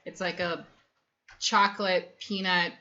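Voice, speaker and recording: A woman's voice: on the low side, level tone, measured pace, pushed and bright, slight background noise. A woman in her thirties co-hosting a casual family livestream, chatty and rambling, reading viewer comments aloud between lots of ums. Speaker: livestream co-host reading chat. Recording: dull lo-fi stream audio.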